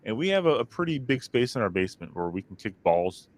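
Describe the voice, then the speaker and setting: A man's voice: fairly low pitch, very animated, quick pace. A man in his thirties co-hosting a podcast from his home office, chatting casually and rambling through stories with acted-out quotes. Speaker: podcast co-host. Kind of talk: casual chat. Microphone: studio microphone.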